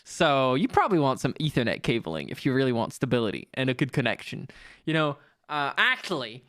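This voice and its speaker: A young man streaming live, talking casually to his chat, excitable and self-mocking, swearing freely. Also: mid-range voice, brisk, no echo, clean studio sound.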